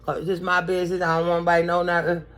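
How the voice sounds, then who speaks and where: A woman voicing a brash, defiant teenage girl who exclaims loudly and sassily in a retold story. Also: on the low side, completely flat delivery, racing, close to an everyday voice. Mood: dismissive. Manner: loud, sassy, exclaiming.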